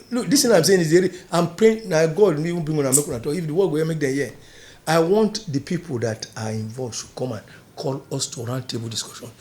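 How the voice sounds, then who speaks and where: An older Nigerian man in an interview, telling a long story in a mix of pidgin and English, dropping to a low murmur and then rising loud and emphatic. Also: brisk. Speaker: interview guest.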